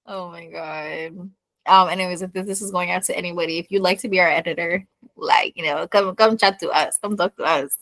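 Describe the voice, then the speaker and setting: A woman's voice: lowish voice, fairly even intonation, fast, fairly bright tone, no echo. A young adult woman co-hosting a podcast in casual chat, teasing and laughing often. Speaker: podcast co-host.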